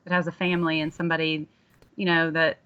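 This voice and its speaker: A woman's voice: deep voice, flat delivery, fast talker, a bit bright, smooth, dull audio. A woman who works as an ER nurse, a guest on a podcast, telling a patient story in an earnest, reflective way. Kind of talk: conversational interview.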